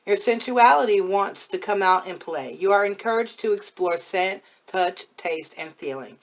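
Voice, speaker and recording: A woman's voice: medium pitch, expressive, moderate pace. A woman giving a casual tarot reading to camera as a spiritual advisor, frank and chatty, her voice a little worn from overuse. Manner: frank, chatty, blunt and motherly advice.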